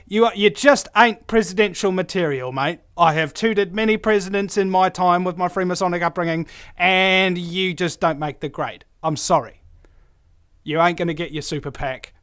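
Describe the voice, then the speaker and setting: A man's voice: sits high, fairly bright tone, dry recording, clean studio sound. A man voicing a harsh, scornful male talent-show judge who dismisses and insults a contestant.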